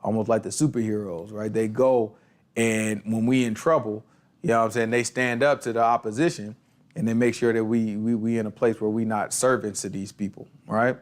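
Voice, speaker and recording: A man teaching a casual Bible study, explaining the text in slangy, animated talk and acting out bits of street dialogue. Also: fairly low pitch, fairly quick.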